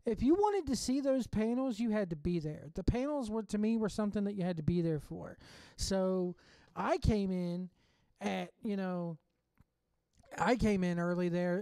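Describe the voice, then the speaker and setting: A man's voice: high-pitched, mellow, clear, resonant tone, no room sound. A man hosting a wrestling fan podcast, asking long loose questions and recapping with rambling restarts. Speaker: podcast host. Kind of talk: casual interview and recap.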